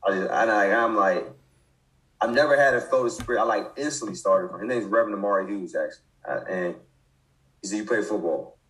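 A man's voice: on the low side, brisk, fairly bright tone, low-quality recording. A man in his twenties, a football coach, speaking casually as an interview guest, with many restarts and fillers. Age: 20s. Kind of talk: casual conversation.

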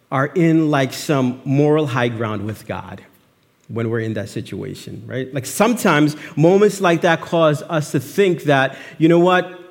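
A man's voice: on the high side, big-room sound. A man preaching a sermon in a conversational way, asking rhetorical questions and acting out heartfelt pleas to God. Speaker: pastor.

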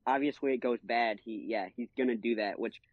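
A man's voice: medium pitch, brisk, no room sound. A man co-hosting a casual podcast chat, talking with enthusiasm and slang, and acting out quotes in other voices. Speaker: podcast co-host. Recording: dry, dull lo-fi sound.

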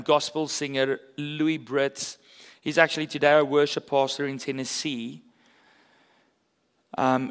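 A man's voice: fairly high pitch, fairly bright tone, clean tone. Man preaching in a reverberant hall. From South Africa. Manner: earnest and conversational, with casual asides. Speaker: pastor. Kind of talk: sermon.

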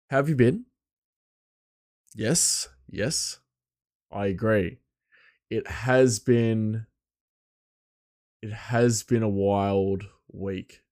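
Hoarse man rambling on his podcast. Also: on the low side, a little mellow, dry recording, clean studio sound. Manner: rambling, chuckling, loose. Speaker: podcast host. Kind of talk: casual podcast monologue.

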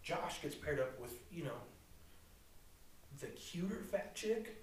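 A young man telling a crude, animated story in a casual podcast chat, swearing constantly. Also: on the high side, takes it slowly, a little hiss or hum. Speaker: podcast co-host. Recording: roomy echo, distant from mic.

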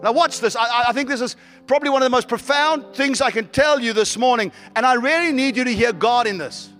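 High-voiced man preaching. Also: a little fast, a bit bright, in a large hall, faint music behind. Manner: preaching with rising fervor and congregation callouts. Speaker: pastor. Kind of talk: sermon.

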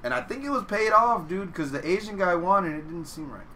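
Guy with a really bright sharp voice, lively, chatting about fights, bit of noise behind. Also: high-pitched, brisk, recorded from a distance. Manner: chatty, hedging with "like" and "I think". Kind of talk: casual banter about martial arts movies.

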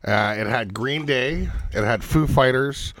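A man hosting a casual podcast chat, relaxed and swearing easily. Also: medium pitch, measured pace. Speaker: podcast host.

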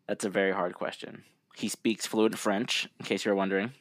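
Laid-back low-voiced podcast co-host. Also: male voice, fairly bright tone, no echo. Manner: laid-back, reads out trivia with laughs. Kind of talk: casual chat.

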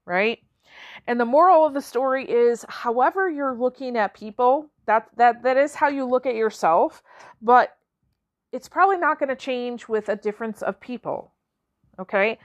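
A woman hosts a solo podcast in a chatty, informal way. She keeps restarting her phrases and filling pauses. Her voice sits a little high and dry, close to the mic. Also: no room sound. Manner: chatty, with many fillers and restarts. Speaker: podcast host.

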